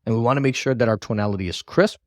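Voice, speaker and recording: A man's voice: mid-range voice, very fast, a little mellow, dry recording, studio quality. A man teaching a recorded sales training lesson in a coaching tone, often checking in with "all right" and "right?".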